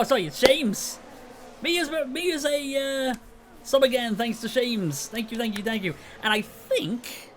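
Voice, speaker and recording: A man's voice: extremely high pitch, fairly bright tone. A tired Northern Irish man chatting casually on a late-night live stream, rambling and self-mocking with frequent chuckles. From Northern Ireland.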